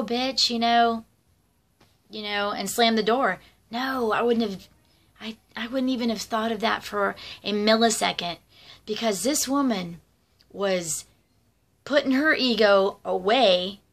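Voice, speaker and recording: A woman's voice: a little high, a bit bright. A middle-aged woman vlogger telling personal stories in a rambling, conversational way with lots of fillers and asides. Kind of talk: casual personal storytelling.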